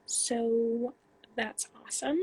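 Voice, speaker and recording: A woman's voice: a little high, flat delivery, takes it slowly, darkish tone, slightly rough. A woman in her twenties from Canada, a pro soccer player reading fan questions aloud and answering them in a casual, chatty livestream on her phone.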